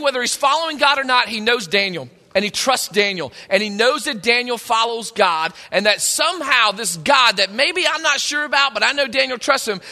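A man's voice: high-pitched, pushed and bright. A man preaching a sermon as pastor, emphatic and preachy, calling out for amens. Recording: long hall reverb.

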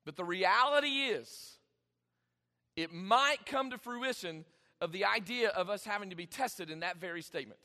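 A man preaching a sermon, emphatic, with dramatic pauses and sudden swings in volume. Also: sits high, bright, forceful tone, in a large hall. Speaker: pastor.

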